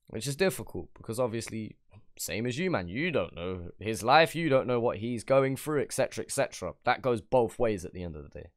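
A man's voice: fairly low pitch, lively intonation, moderate pace, dry recording, clean studio sound. A man, hosting a music reaction and giving casual, slangy commentary on a song. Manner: loose slangy street talk.

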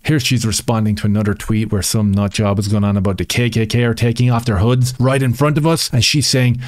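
A man's voice: medium pitch, steady tone, fairly quick, few pauses, dry recording, studio quality. A man hosting a commentary channel, talking in a combative, sarcastic way with mocking rhetorical questions. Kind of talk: opinionated commentary over screen reading.

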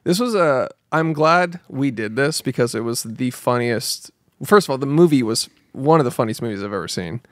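A man's voice: mid-range voice, animated, normal speed, no echo. A man co-hosting a movie podcast in casual chat, sarcastic and profane, telling long stories. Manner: sarcastic, swears, tells stories at length. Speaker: podcast co-host.

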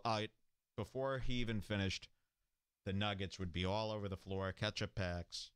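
A man's voice: fairly low pitch, fairly even intonation, normal speed, a bit bright, smooth, no room sound, studio quality. A man hosting a comedy show, sarcastically mocking a clip he plays. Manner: sarcastic, with jokey exaggeration. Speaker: host. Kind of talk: mocking commentary over a clip.

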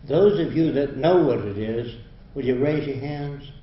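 A man's voice: mid-range voice, unhurried. An older man giving a university lecture in a blunt, emphatic, lecturing manner. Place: lecture hall. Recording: roomy, dull lo-fi hall recording.

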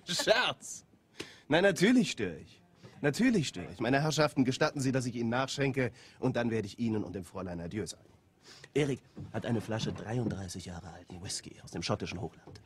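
An actor playing a smug, genial German officer who talks in a commanding way, in a film scene. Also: male voice, mid-range voice, sing-song, moderate pace, pauses often, slight background noise, close to an everyday voice. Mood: jovial.

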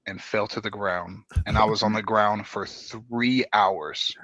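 A man in his thirties, a dance guest, talking in a relaxed, slangy way with many fillers. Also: fairly low pitch, unhurried, no room sound, highs cut off. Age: 30s. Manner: laid-back, slangy, lots of fillers. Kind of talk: casual podcast chat.

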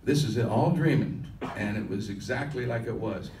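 An older male musician tells a rambling story to an audience at a live Q&A in a conference hall, loosely, with restarts. His voice is mid-range and darkish, at a moderate pace, with a little hiss or hum. The recording is echoey and heard from far off.

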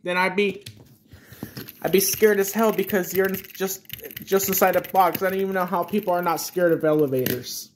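A man's voice: high-pitched, steady tone, moderate pace, a little hiss or hum, natural voice. A man voicing a fearful son who is afraid of small spaces and stammers anxiously.

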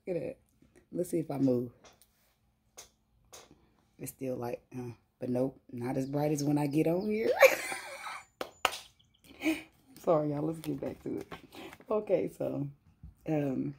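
A woman's voice: low voice, slow, creaky, long pauses, background noise. A woman giving a casual spiritual tarot reading, chatty and laughing often as she talks to her viewers. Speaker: tarot reader.

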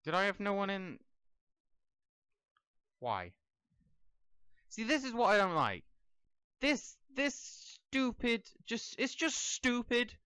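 A man's voice: high-pitched, very animated, takes it slowly, pauses often, bright, forceful tone, clean tone, dry recording, clean studio sound. A young man giving casual gameplay commentary, rambling and talking to the characters on screen. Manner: rambling, talks to the game characters. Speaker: let's play gamer.

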